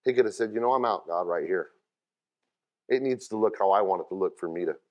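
A male pastor preaching a folksy sermon with cowboy talk. He moves from low, quiet lines to loud shouting. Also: fast, dull audio.

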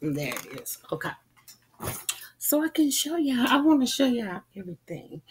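A middle-aged woman vlogger, stuffy from a cold, rambles casually while showing off her holiday gifts in a haul chat, with frequent ums. Her voice is medium-pitched and unhurried, with lively intonation and a breathy edge.

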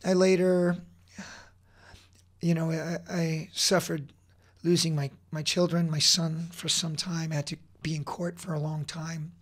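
A man's voice: fairly high pitch, flat delivery, unhurried. A man in his forties, a podcast guest, telling personal stories in an intense, blunt way, swearing freely and often restarting his sentences. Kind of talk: emotional personal storytelling.

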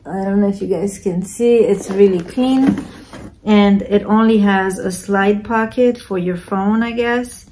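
A woman talks through a handbag unboxing for her vlog at an easy, slow pace, stopping often for fillers as she looks over each bag. Her pitch sits at an ordinary middle, and a faint hiss runs under the voice. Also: dark tone. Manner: unhurried, hesitant, many fillers. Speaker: reseller vlogger.

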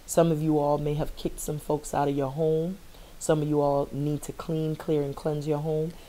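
A woman's voice: deep voice, level tone, moderate pace, warm tone. A middle-aged woman giving a spiritual tarot reading, earnest and affirming, often repeating phrases for emphasis. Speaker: tarot reader.

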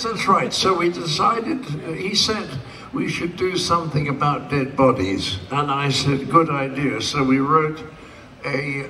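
A man's voice: mid-range voice, pushed and bright, slight background noise. An older man speaking as a convention guest, telling a rambling story to a live audience with dry humor and acting out the dialogue. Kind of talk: stage anecdote for a live audience. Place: large convention hall stage. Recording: distant hall pickup with faint crowd ambience.

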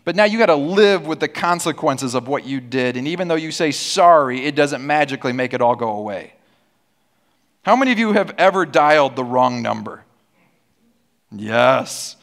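A man's voice: mid-range voice, lively intonation, moderate pace, a bit bright. A man preaching a sermon as pastor, with a sarcastic, humorous storytelling manner and call-and-response with the congregation. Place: church auditorium.

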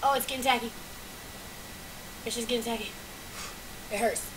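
A young woman vlogging at home in casual unscripted chat, swearing a lot and swinging between loud exclamations and muttered hums. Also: a little high, steady tone, normal speed, slight background noise, rough recording.

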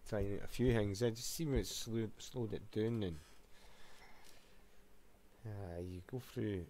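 A man's voice: lowish voice, fairly even intonation, slow, warm tone, slight background noise. Swearing Scottish man chatting on stream. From Scotland. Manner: rambling, swears often, laughs at his own stories. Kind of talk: casual chat on a live stream.

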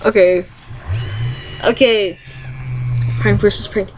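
A woman's voice: mid-range voice, moderate pace, background noise. A young woman vlogging an impression challenge, giggly and self-mocking, rambling between tries.

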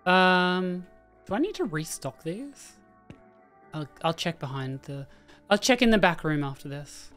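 A woman's voice: lowish voice, animated, unhurried, a bit bright. Chatty woman narrating her gameplay. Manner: chatty, thinks aloud, hums to herself. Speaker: gaming streamer. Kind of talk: casual let's-play commentary. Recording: faint game music behind.

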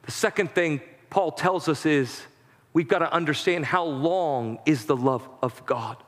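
A man preaching a sermon as pastor, with impassioned delivery that rises to shouting at its peaks. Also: fairly high pitch, unhurried. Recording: long hall reverb.

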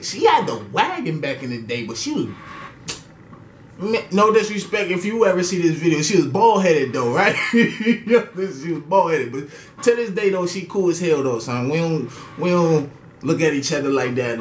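High-voiced New guy in an echoey room. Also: a little hiss or hum. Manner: slangy, profane, animated with laughs. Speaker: storytelling vlogger. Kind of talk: casual story time.

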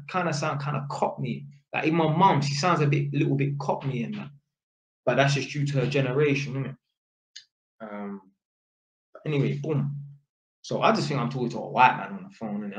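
A young man with a London accent telling a casual story about his work, in street slang with constant tag questions. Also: medium pitch. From Britain. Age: young adult. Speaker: vlogger. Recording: roomy, slightly dull sound.

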